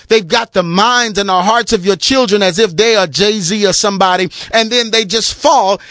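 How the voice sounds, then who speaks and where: Emphatic high-voiced man preaching. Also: a bit bright, no room sound, studio quality. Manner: emphatic, repetitive preaching cadence; mocks other preachers with put-on crooning voices. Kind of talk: sermon-style teaching talk.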